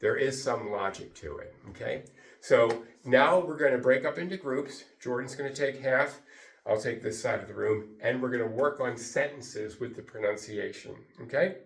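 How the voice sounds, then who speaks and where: A man teaching English pronunciation to a class, drilling sounds slowly with lots of repetition. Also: mid-range voice, vocal fry. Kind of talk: classroom lesson. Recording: echoey room, voice from far off.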